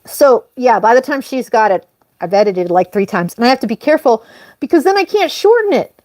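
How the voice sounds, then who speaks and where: Rambling, apologetic woman streamer, higher voice. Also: fairly quick, no room sound, clean studio sound. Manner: animated, jumps up in pitch on emphasis. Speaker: livestream host. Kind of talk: casual live-stream chat.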